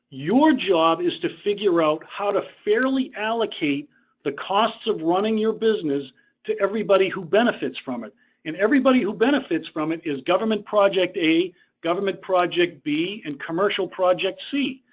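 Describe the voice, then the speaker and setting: A man presenting a webinar lecture in a conversational way, explaining rules through personal stories. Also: sits high. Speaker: presenter on government contract costs. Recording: dull lo-fi webinar audio.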